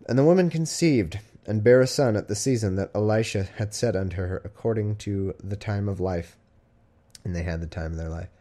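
Here a podcast host with a lowish, mellow voice works through old-fashioned scripture at a brisk clip. Between verses he breaks off to crack sarcastic, irreverent jokes, keeping the comedy show loose and casual.

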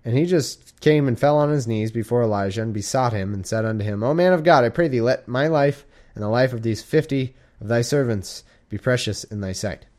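A man's voice: medium pitch, fairly quick, few pauses, darkish tone. A man reading scripture aloud in a casual, irreverent way, breaking off into joking asides and mock-dramatic quoted voices, sounding drowsy. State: drowsy, sleepy. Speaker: casual Bible reader. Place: warm room at home.

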